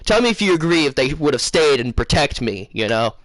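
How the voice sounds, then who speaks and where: Chatty rambling man, slightly high voice. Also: sing-song, a little fast, a bit bright, no room sound. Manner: rambling, loses his place, many fillers. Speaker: gaming channel host. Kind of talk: casual dream storytelling to live viewers.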